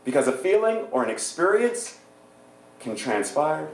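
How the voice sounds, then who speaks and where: A man preaching a sermon as a guest minister, animated and playful, often laughing as he speaks. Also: fairly high pitch, a little slow, slight background noise. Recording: echoey church hall.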